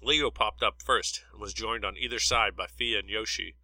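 A man narrating a story aloud in a steady, plain reading style. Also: on the low side, moderate pace, no echo, low-quality recording.

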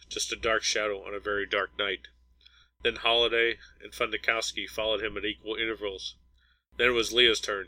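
A man narrating a science fiction audiobook in an even, measured reading. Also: on the low side, no room sound, rough recording. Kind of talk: scripted narration.

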